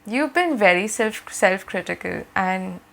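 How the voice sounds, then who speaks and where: A woman giving a gentle, reassuring tarot reading to her viewers, often checking in with "okay?". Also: mid-range voice, animated, unhurried, vocal fry, poor audio. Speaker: tarot reader.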